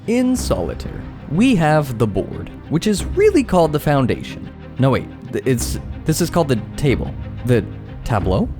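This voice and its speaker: A young man narrating a comedic tech vlog, animated and exclaiming, bantering with himself, with faint music behind. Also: on the high side. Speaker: YouTube creator.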